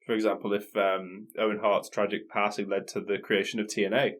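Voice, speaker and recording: A man, co-hosting a podcast and talking in a quick, matter-of-fact way as he watches along. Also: lowish voice, little pitch movement, fairly bright tone. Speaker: podcast co-host. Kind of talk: casual chat, watching along.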